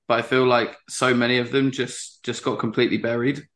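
A man co-hosting a podcast in casual chat, matter-of-fact and measured. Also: mid-range voice, level tone, a bit bright. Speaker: podcast co-host.

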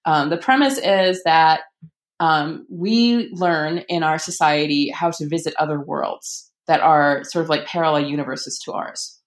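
A woman's voice: deep voice, a little slow. A woman author in a casual interview, chatting enthusiastically with frequent ums and restarts. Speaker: author and podcast guest.

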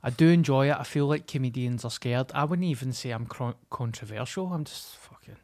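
Scottish bloke, mid voice, blunt sweary stories on a podcast. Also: male voice, mid-range voice, a little fast, a little mellow. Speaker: podcast co-host. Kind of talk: casual chat.

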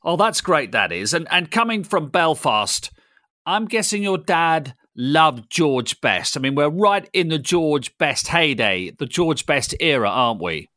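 A man's voice: a little high, very animated, unhurried, pushed and bright, no echo, clean studio sound. A man hosting an interview, asking prompting questions about a guest's career. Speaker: interview host. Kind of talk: podcast interview.

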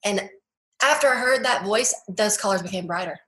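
A young adult woman in an interview, telling her story earnestly and haltingly, with many filler words. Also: medium pitch, fairly bright tone, reverberant, rough recording. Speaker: guest. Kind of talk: personal testimony interview.

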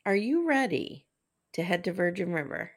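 An American woman hosting a podcast in a casual, chatty way, full of "like" and quick asides. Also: on the low side. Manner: chatty, expressive, lots of "like". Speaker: podcast host. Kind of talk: casual chat.

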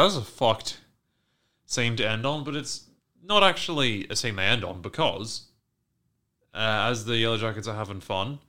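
A man hosting a podcast, recapping a TV episode in casual, profane chat and acting out the characters' lines with animated swings. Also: fairly low pitch. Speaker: podcast host recapping a TV show.

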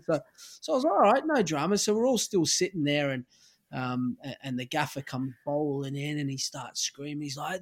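A middle-aged Australian man with a slightly high voice spins a casual anecdote as a podcast guest. He acts out the people in his story as he goes, in an easy, chatty way. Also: a little fast. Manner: animated anecdote-telling, acts out quoted lines. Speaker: guest, former footballer.

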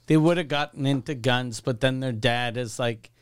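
A man's voice: mid-range voice, normal speed, smooth, no room sound. A man co-hosting a comedy podcast, telling a blunt, darkly humorous story and laughing between lines, close on the mic. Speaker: podcast co-host. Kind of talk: casual comedic chat.

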